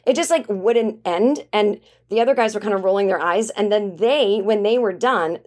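A woman hosts her own comedy podcast and tells a rambling story in a chatty, animated way. She talks from her home office at a middle pitch and drops "like" into almost every sentence. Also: moderate pace. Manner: chatty and animated, acts out quoted voices, many "like"s. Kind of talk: casual comic storytelling.

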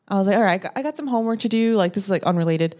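A woman chatting on a podcast and telling a long personal story in an animated, lively way. She acts out what she said back then with a rising voice, and her pitch sits in the middle for a woman. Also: very fast. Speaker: podcast guest, producer. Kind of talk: casual storytelling.

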